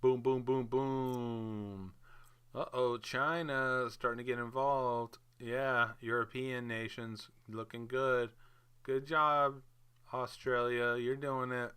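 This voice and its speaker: Male vlogger, excitable chart talk, smooth clear voice, unhurried delivery. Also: mid-range voice. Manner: chatty, hyped, talks to charts. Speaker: crypto market video host. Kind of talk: casual screen-share commentary.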